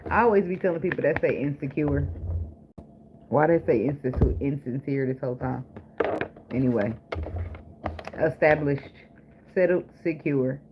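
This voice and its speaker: This tarot reader is a man whose voice runs on the high side; he talks at normal speed with long pauses. His casual reading is blunt, profane and jokey, full of laughs, on a noisy recording with clicks.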